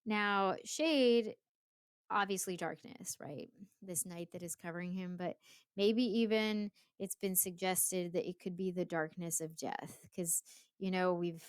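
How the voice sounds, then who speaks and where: A woman with a low, smooth voice talks through a poem for her class. She keeps it casual and chatty, with lots of fillers and small laughs. The sound is dry and close. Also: steady tone, a little slow, no room sound. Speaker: English teacher. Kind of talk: casual poetry lesson.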